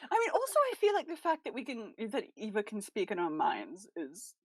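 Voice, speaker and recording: Woman, player, animated pitch, teasing, dry close sound. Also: brisk, no room sound. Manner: playful teasing, lively laughs. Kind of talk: casual chat during a tabletop game. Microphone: home mic on a voice call.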